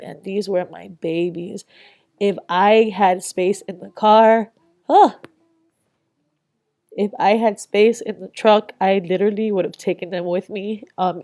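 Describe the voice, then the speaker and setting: A woman's voice: fairly low pitch, warm tone. A young adult woman vlogger giving a candid, reflective voice-over, casual and swearing freely.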